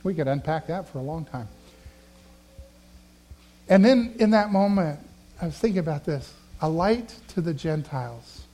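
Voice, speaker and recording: High-voiced man preaching a sermon. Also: expressive, normal speed, long pauses, soft background music. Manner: conversational, swings between loud emphasis and quiet asides. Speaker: pastor. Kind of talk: sermon with personal stories.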